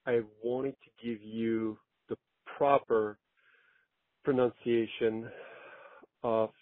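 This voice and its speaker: Slow-talking man on a tinny phone line. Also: medium pitch, steady tone, no echo. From Tahiti. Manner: slow and deliberate, repeats the word carefully. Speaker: caller. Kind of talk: phone voicemail.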